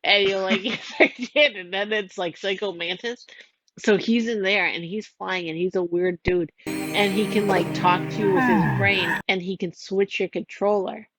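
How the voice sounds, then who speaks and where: A woman's voice: medium pitch, steady tone, moderate pace, fairly bright tone, soft background music. A woman casually retelling a game's plot, rambling and giggly, full of "like" and little voices for the characters. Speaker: storyteller recounting a game plot.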